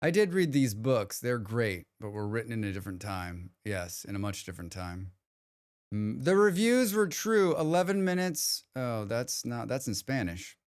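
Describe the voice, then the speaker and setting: A man's voice: mid-range voice, big pitch swings, normal speed. A man streaming a game live, chatting casually with his viewers in a rambling way and often restarting his sentences. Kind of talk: casual livestream chat.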